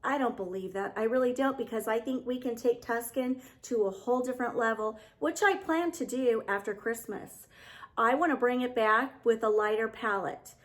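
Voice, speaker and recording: A woman home decor vlogger chatting casually and warmly to her viewers, gushing and heartfelt. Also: a little high, normal speed. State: getting emotional. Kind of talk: casual vlog chat to viewers.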